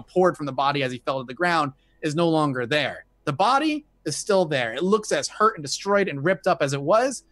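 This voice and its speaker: High-voiced man narrating as game master. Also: a bit bright, no echo. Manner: descriptive narration with fillers, slowing for atmosphere. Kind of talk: narrating a tabletop horror game.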